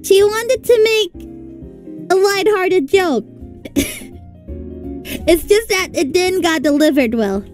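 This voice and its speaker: A woman chatting casually on a livestream, telling stories in a playful, animated way and laughing often. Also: very high voice, slow, long pauses. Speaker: streamer and event organizer. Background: faint background music.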